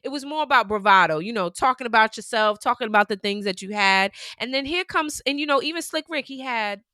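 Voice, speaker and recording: A woman in her forties from New York co-hosts a casual podcast. Her voice is bright and crisp, and she slows into a drawl when she reminisces. The sound is dry and close on the mic. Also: on the high side, dry recording. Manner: animated storytelling, laughs often, drawls when reminiscing. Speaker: podcast co-host. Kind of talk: casual chat.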